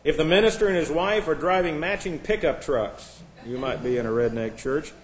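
Man, pastor, sermon, reads jokes then teaches, somewhat high voice. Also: normal speed, slight background noise. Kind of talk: sermon with joke reading, then Bible teaching.

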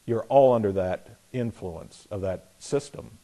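A man preaching a sermon in a folksy, sarcastic way, acting out imagined voices in quotes and getting louder on his punchlines. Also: fairly low pitch, measured pace.

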